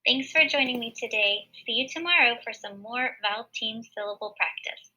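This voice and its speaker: A woman teacher giving a recorded word study lesson for children, patiently sounding out syllables slowly and clearly. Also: on the high side, bright, forceful tone, rough recording.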